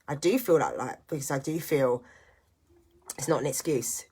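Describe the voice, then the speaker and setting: Low-voiced earnest woman vlogging. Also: normal speed, warm tone, husky. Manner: earnest, reflective, motivational. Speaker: vlogger and single parent. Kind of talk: candid personal vlog monologue.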